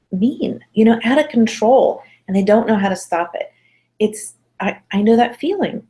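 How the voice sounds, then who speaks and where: A middle-aged woman parenting instructor talking casually to mothers, chatty and encouraging, acting out little quotes as she goes. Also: fairly low pitch. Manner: chatty, encouraging, acts out quotes with lively voices. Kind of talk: casual webinar talk to mothers.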